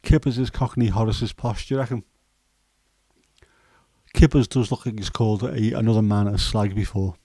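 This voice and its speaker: Low, hoarse Scouse man rambling. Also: fairly even intonation, moderate pace, long pauses, dark tone, dry recording. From Liverpool, England. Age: 50s. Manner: rambling, jokey, many fillers. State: hoarse throat. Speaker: livestream host. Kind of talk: casual chat.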